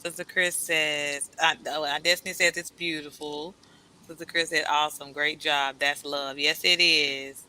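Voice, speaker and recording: A woman hosting a casual live stream, animated and laughing often as she reads viewers' comments aloud. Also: low voice, moderate pace, low-quality recording. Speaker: host.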